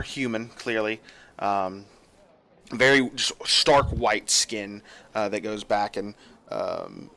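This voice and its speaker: Bright-voiced man narrating as game master. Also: fairly low pitch. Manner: descriptive, with many fillers.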